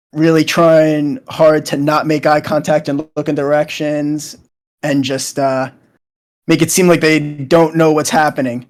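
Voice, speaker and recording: Young man casually recapping scenes. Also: a little high. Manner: rambling, lots of fillers and "he's like". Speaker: show co-host. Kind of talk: casual retelling of show scenes.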